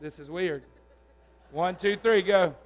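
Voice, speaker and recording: A man preaching at a youth camp service, loud, coaxing and teasing as he runs games with the crowd. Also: high-pitched, slow pace. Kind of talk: lively youth service sermon with audience games.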